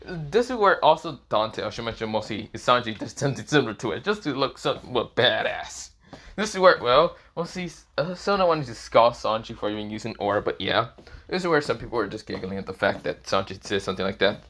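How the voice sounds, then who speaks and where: A man's voice: medium pitch, lively intonation, brisk, fairly bright tone. Young guy rambling through fan fiction narration, lots of fillers, swears. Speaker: storyteller.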